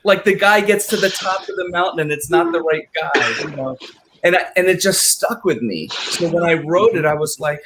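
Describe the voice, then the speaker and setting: A man's voice: a little high, moderate pace, noisy background. A man, the film's writer, telling stories in a casual live panel chat and acting out quoted lines. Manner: animated, acts out quoted lines in voices. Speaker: writer of the film.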